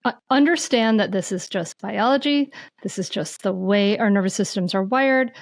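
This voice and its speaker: A woman speaks as a podcast guest, teaching about mindful parenting. Her delivery is animated and searching, with frequent restarts as she thinks aloud. The voice sits mid-range and the recording is close and dry. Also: mid-range voice, normal speed, no echo. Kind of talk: conversational podcast interview.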